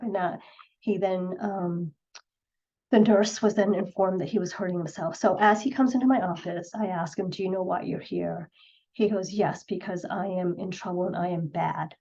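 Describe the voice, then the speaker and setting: A middle-aged woman psychologist giving an earnest presentation, retelling patient stories with quoted voices. Her voice sits at a middling pitch. The recording sounds slightly dull and lo-fi. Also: a little mellow. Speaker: clinical psychologist speaker. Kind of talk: presentation talk.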